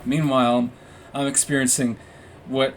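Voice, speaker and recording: A young man rambles through a personal story in a loose, profane monologue, laughing at himself and restarting his sentences. His voice sits at an ordinary middle pitch. A faint ambient hum sits behind him. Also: level tone, normal speed. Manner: rambling, profane, self-mocking, with frequent restarts and fillers. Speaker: podcast host. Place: room with warm orange lighting.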